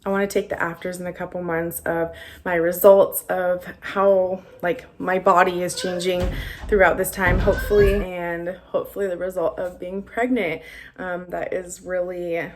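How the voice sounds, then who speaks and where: A young woman vlogging to camera in a relaxed chat full of fillers. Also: lowish voice, moderate pace. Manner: chatty, many fillers. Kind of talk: casual talk to camera.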